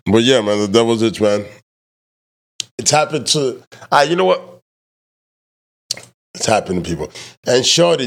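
Loud joking man hosting a podcast. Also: fairly high pitch, gravelly. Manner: loud, joking, swears freely, teases his guest. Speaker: podcast host; truck driver. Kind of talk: casual profane podcast chat.

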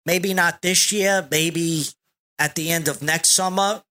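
A man's voice: on the high side, steady tone, slow, sharp tone. A man speaking as a podcast guest in a casual, easygoing chat.

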